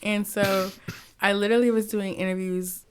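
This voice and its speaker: A young woman from the United States chatting in an interview, telling stories in an animated way and acting out quotes from others. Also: mid-range voice, moderate pace, clean tone. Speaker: guest, cosmetics company founder. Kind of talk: casual interview chat.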